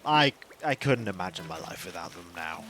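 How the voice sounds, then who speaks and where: A man streaming a game and chatting casually in a rambling, animated way. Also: deep voice, moderate pace, faint music behind. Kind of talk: casual chat while gaming.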